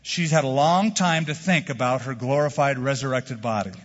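A man preaching a sermon as a pastor, animated and asking the congregation rhetorical questions. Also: mid-range voice, moderate pace. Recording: dull sound with long hall reverb.

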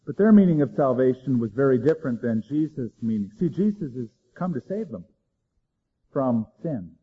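A man preaching a sermon, dramatic, swinging between loud emphasis and hushed low lines. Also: big pitch swings, moderate pace, breathy edge, narrow, tinny audio. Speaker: pastor.

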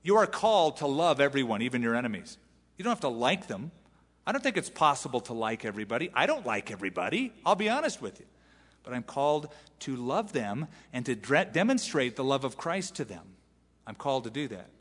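A pastor preaching a sermon, animated, acting out the lines he quotes from scripture. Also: medium pitch, brisk, slightly rough, in a large hall.

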